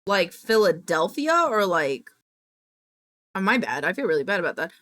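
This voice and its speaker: A woman streamer chatting casually with her viewers, animated and quick to laugh and apologize. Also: fairly low pitch.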